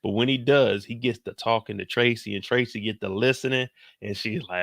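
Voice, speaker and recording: A man's voice: on the low side, creaky, no room sound, studio quality. A man hosting a casual TV recap, telling it as a story in heavy slang and acting out what people said. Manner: slangy, animated, quotes characters in put-on voices; talks slower than in his live streams. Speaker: show recap host.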